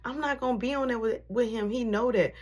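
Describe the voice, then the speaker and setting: A woman's voice: on the high side, fairly quick. A woman casually telling a story in slang, acting out the voices of the people in it. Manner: animated, slangy, acts out quotes.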